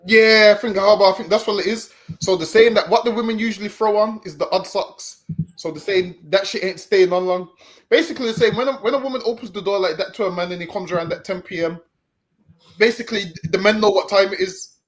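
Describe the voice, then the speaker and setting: A man's voice: sits high, fast talker. A man hosting a live stream show, chatting casually and often stammering and repeating words. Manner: stammering repetitions, easygoing.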